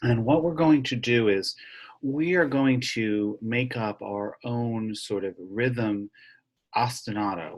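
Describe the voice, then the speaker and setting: A middle-aged man teaching elementary music over a video call, reading a picture book aloud and explaining rhythms slowly and patiently to children. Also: on the low side, slight background noise. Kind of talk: online music lesson with read-aloud. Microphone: computer mic on a video call.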